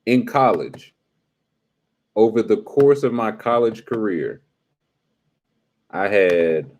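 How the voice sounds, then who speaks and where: A man's voice: lowish voice, expressive, slow pace, a little mellow. A young adult man hosting a casual live stream, teasing and talking straight to his chat in slangy speech.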